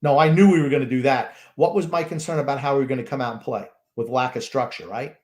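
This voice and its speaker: A man's voice: mid-range voice, fast, darkish tone. A man in his fifties co-hosting a sports podcast, grumpy and sarcastic, prone to rants. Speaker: podcast co-host. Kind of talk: casual sports chat.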